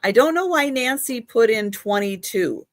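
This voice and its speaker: A woman's voice: fairly high pitch, animated, moderate pace, dry recording, studio quality. A woman hosting a live online auction, chatty and laughing at her own slips. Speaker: live sale host.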